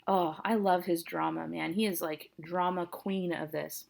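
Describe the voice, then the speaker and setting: A woman's voice: fairly low pitch, steady tone, fairly quick, vocal fry, hardly any pauses. A woman English teacher reading a play aloud and explaining it to her students in a casual, chatty way.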